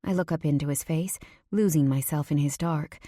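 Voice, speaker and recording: A woman narrating a first-person romance audiobook in an intimate, measured way. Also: low-pitched, warm tone, no room sound, studio quality.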